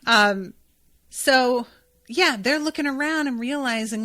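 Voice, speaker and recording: A woman's voice: a little high, expressive, a little slow, bright, forceful tone. A woman hosting a podcast, casually recapping an anime episode in a chatty, profane way. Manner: chatty and profane, with laughs and asides. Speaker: podcast host.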